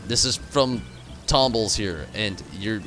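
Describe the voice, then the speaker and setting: A man's voice: on the low side, slow pace, pushed and bright, faint music behind. A tired, frustrated man signing off his stream, rambling and swearing as he thanks his chat. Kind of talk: casual stream sign-off to chat.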